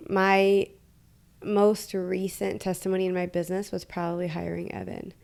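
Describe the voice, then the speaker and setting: A woman's voice: lowish voice, gravelly. Chatty American woman host telling stories. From Detroit, USA. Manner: animated, quotes her own inner dialogue. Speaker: podcast host. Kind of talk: casual conversational storytelling.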